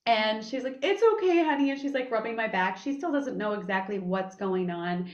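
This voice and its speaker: A woman hosting a podcast in a casual interview chat, a candid, animated storyteller who swears freely. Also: mid-range voice, moderate pace. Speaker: podcast host. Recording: echoey room, dull lo-fi sound.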